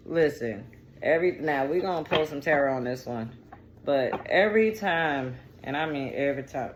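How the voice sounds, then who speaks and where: A woman's voice: low voice, lively intonation, normal speed, a little hiss or hum. A woman giving a casual tarot reading, chatty and digressive, with slang and profanity. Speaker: tarot reader.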